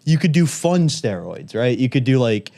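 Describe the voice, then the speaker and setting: A man joking on a casual comedy podcast, teasing the host and wandering into wild tangents. His pitch swings around a lot as he talks. The sound is close and dry. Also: big pitch swings, normal speed, creaky, mellow, no room sound.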